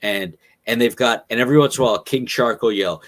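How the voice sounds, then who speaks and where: A man's voice: medium pitch, fairly bright tone. A man co-hosting a podcast in casual chat, swearing freely and retelling scenes with relish while groping for names. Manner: profane, enthusiastic storyteller, halting recall. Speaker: podcast co-host.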